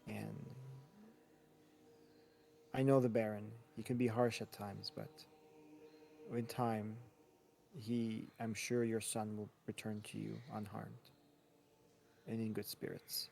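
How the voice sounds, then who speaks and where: A man voicing a kindly, tired middle-aged priest who speaks in halting, stammering sentences full of gentle concern. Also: fairly low pitch, level tone, vocal fry, faint music behind. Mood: consoling. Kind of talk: tabletop role-play in character.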